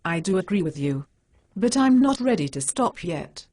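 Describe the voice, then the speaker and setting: A woman's voice: on the low side, very animated, normal speed, darkish tone. A female synthetic voice playing a stubborn, bacon-loving cat superhero who talks in blunt, plain statements. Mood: conceding. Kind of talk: synthetic animated dialogue.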